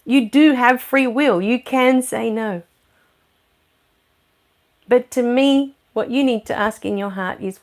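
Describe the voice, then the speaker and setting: A middle-aged woman with an Australian accent, hosting a spiritual livestream. She chats and laughs with her viewers, then slows into a soothing guided meditation, speaking into a computer microphone at home. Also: on the high side. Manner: slow soothing meditation guidance. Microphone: new USB microphone at a computer.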